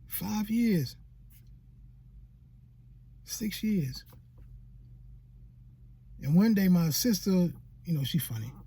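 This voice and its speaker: A man's voice: high-pitched, expressive, very slow, long pauses, warm tone, slightly rough. A man in a casual vlog telling a painful personal story, tearful, colloquial and repeating himself. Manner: colloquial, repetitive, heartfelt. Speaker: YouTube creator.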